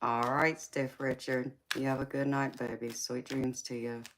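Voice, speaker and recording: A woman's voice: extremely low pitch, level tone, moderate pace, slight background noise. A woman hosting a live tarot stream, chatting casually and teasingly with viewers, calling them baby and sweetheart. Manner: playful, teasing, calls viewers baby and sweetheart, laughs often.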